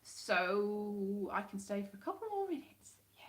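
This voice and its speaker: A woman hosting a casual livestream from home, rambling, chatty and quick to laugh at herself. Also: mid-range voice, big pitch swings. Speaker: livestream host.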